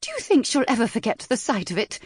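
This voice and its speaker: A woman voicing a hysterical, shrill middle-aged noblewoman in a period audiobook, her delivery wailing and indignant. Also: sing-song, normal speed, husky, dry recording, studio quality. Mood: hysterical outrage.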